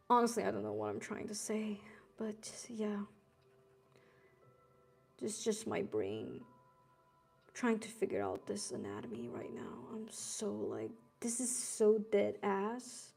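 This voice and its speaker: A woman's voice: mid-range voice, vocal fry, mellow. A young woman streaming while she draws, chatting in a laid-back, rambling way with casual swearing and Gen Z slang. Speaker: streamer drawing live. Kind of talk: casual chat while drawing.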